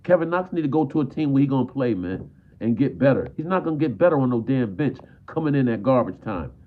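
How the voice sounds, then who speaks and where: A man's voice: medium pitch, lively intonation, fast. A man ranting as a frustrated basketball fan on a live stream. He repeats himself and drops "man" at the end of almost every line. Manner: frustrated, repetitive, peppers talk with "man". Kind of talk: live stream sports rant. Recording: tinny phone-like audio.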